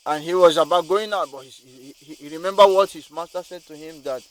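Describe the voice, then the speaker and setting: A man tells a moral story in a fairly high voice, rambling along with repeated words and restarts as he goes. His delivery is loose and unscripted. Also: a little fast, fairly bright tone, rough recording.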